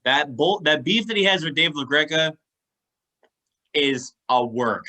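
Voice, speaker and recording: A man's voice: on the high side, expressive, measured pace, bright, forceful tone. A man co-hosting a casual podcast, speaking emphatically and swearing. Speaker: podcast co-host. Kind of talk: casual chat.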